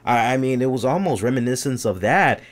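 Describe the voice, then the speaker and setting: A man's voice: medium pitch, lively intonation, brisk. Guy on a live stream show rambling, lots of "right?" and "you know", acts out fan reactions. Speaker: podcast host. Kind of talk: casual live-stream commentary.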